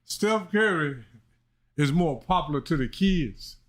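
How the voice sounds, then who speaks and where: A man's voice: fairly high pitch, expressive, unhurried. A man co-hosting a casual sports talk show, making emphatic points and laughing easily. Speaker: podcast co-host.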